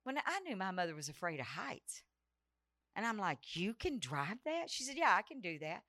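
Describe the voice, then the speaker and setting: A woman's voice: medium pitch, sing-song, normal speed, bright, forceful tone, no room sound, clean studio sound. A woman preaching a revival sermon, telling a personal story with dramatic flair and acting out the dialogue. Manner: dramatic, breaks into sung prayer, acts out quoted dialogue.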